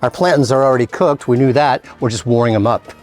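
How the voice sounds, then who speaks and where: A man's voice: medium pitch, quick pace, faint music behind. Chatty chef man walking through a recipe. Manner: relaxed, chatty, explains each step with playful asides. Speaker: chef and show host. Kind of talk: cooking demonstration.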